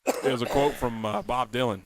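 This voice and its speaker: A man co-hosting a casual talk show, animated and chatty, often slipping into quoted movie lines. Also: medium pitch, fairly quick, a little hiss or hum. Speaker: podcast co-host. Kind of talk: casual chat.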